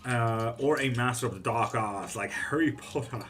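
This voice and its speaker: A man's voice: mid-range voice, moderate pace, a bit bright, soft background music. A man hosting a casual livestream tarot reading who reads viewers' questions aloud and answers them bluntly, swearing freely.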